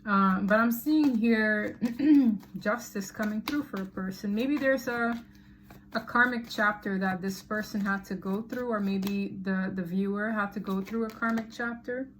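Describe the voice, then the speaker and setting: A woman giving a casual tarot reading to camera, chatty and animated, often laughing and exclaiming. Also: medium pitch, unhurried, a little hiss or hum. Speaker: tarot reader.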